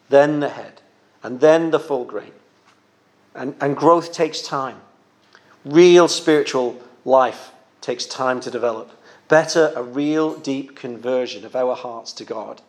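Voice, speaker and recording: A man preaching a sermon in an earnest, gentle pastoral manner, sometimes repeating a word as he goes. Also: mid-range voice.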